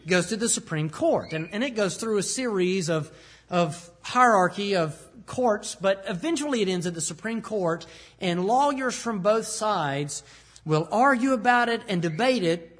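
A man preaching a sermon, animated, acting out the words of the people in the story. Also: high-pitched, normal speed, breathy edge. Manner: animated, acts out the king's lines.

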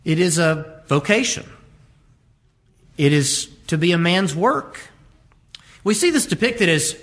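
A man preaches in a fairly high voice. He talks to the congregation in a conversational way and keeps posing rhetorical questions for them to answer. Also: a bit bright. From rural upbringing with a catfish pond. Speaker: pastor. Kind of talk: sermon.

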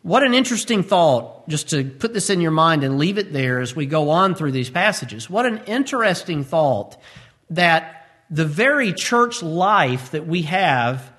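A man's voice: a little high, sing-song, measured pace, a bit bright. A man, preaching a verse-by-verse sermon, earnest and emphatic with humorous asides. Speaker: pastor.

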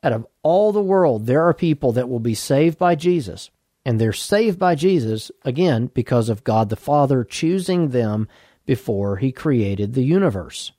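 A man delivers a doctrinal Bible teaching for a podcast, speaking in a measured way and stressing key words firmly. His voice sits at a middle pitch with a warm, mellow tone. The recording is dry and close, with no room sound. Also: expressive, no room sound. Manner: measured, emphatic, leans hard on key words.

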